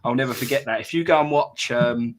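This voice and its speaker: A man's voice: mid-range voice, a little fast, a little hiss or hum. A man, co-hosting a live fan stream and telling rambling stories full of fillers and "mate". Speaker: fan channel co-host. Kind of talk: casual live-stream chat.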